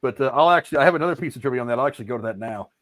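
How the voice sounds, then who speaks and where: A man's voice: mid-range voice, expressive, rapid-fire, fairly bright tone, no room sound, poor audio. A man hosting a casual movie review podcast, swearing freely as he reads out film trivia.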